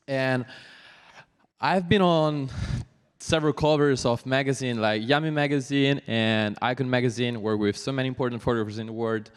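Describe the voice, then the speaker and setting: A young man with an Italian accent speaks at mid pitch in an earnest, deliberate way, his English slightly halting. The long reverb of a large hall trails his words. He addresses an audience as a guest coach. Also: clean tone. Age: young adult. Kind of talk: motivational talk to an audience.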